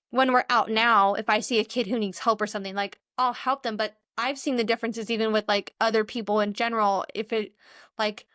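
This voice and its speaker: A woman's voice: on the high side, a bit bright, dry recording, studio quality. A young adult woman co-hosting a podcast, talking in a rambling, earnest, chatty way. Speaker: podcast co-host. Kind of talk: casual chat.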